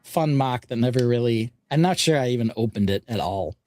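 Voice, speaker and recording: A man hosting a podcast, explaining a build in a halting way with many fillers. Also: mid-range voice, expressive, darkish tone. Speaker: podcast host. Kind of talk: casual show-and-tell chat.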